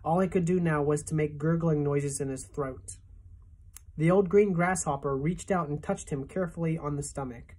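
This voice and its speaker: Husky woman reading a storybook aloud. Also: low voice, moderate pace. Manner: expressive storytelling. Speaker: teacher. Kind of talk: reading a children's novel aloud.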